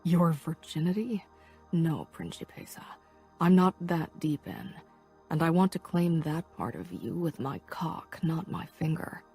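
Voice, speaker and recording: Hushed, raspy young male lover, as a woman narrator voices him, low and intimate. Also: lively intonation, a little slow, soft background music, exaggerated voice. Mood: hushed, intense. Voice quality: rough, raspy murmur. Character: young adult man, rough-voiced, intense and possessive lover.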